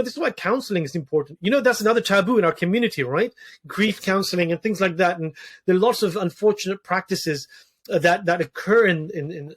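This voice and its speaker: A man in his thirties speaks in an earnest, reflective way, his voice sitting a little higher than most men's. He often circles back, restarting phrases and repeating words as he searches for what to say. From Wales. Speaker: podcast guest, doctor. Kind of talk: reflective personal conversation.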